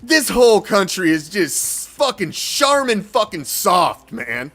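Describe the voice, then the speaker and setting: A man's voice: high voice, sing-song, slow pace, hardly any pauses, fairly bright tone, breathy edge. A man hosting a sports fan show, ranting heatedly and swearing in an exasperated way. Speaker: sports podcast host. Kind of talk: profane fan reaction rant.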